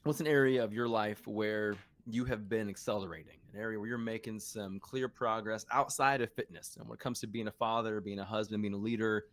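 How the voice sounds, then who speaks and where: A man's voice: lowish voice, steady tone, fairly quick, hardly any pauses. A man hosting a casual podcast chat, laid-back and laughing as he tells stories. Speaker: podcast host.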